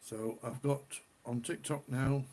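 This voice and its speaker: A man's voice: medium pitch, fairly even intonation, takes it slowly, a little mellow. A middle-aged man from the UK hosting a casual beer live stream, chatty and rambling, often repeating himself. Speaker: beer livestream host.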